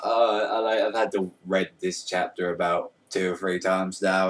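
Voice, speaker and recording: A man's voice: deep voice, flat delivery, moderate pace, far from the mic. A young man casually reviewing a manga chapter, rambling and amused, with lots of fillers.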